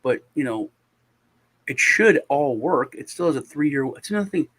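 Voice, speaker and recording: A man's voice: medium pitch, unhurried, a bit bright, breathy edge. A man hosting a show, telling a long story in casual chat over a video call, with lots of restarts and sighs. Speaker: show host.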